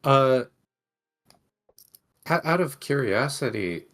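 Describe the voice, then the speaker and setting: A man's voice: medium pitch, expressive, slow pace, a bit bright. A man playing a tabletop game, asking questions tentatively and searching for words. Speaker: player. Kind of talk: casual tabletop game talk.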